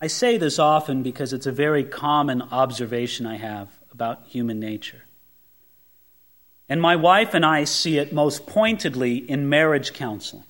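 A male pastor delivering a sermon, animated and emphatic, asking the congregation rhetorical questions and swinging between emphatic rises and hushed drops. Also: medium pitch, moderate pace. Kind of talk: expository sermon.

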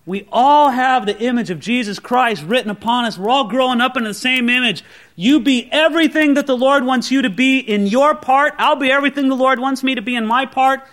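A man preaching a sermon in a conversational, animated way, with joking asides. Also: very high voice.

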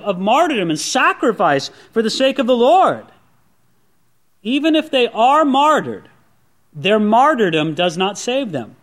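Guy preaching, fairly high voice, earnest, keeps asking the crowd questions. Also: fairly bright tone. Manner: earnest, rhetorical questions to the listeners. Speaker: pastor. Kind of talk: expository sermon.

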